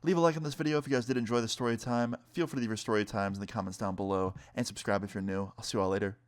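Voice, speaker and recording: Young man swearing through a story. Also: fairly low pitch. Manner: animated, swearing, speeds up and slows down. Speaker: vlogger telling a story. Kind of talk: casual story time vlog.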